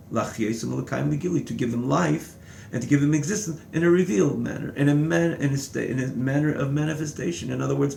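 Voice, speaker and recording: A man's voice: mid-range voice, gravelly, darkish tone, slight background noise. A man giving a text-study lecture as a Torah teacher, reading a phrase and then translating and restating it in several words. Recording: echoey room.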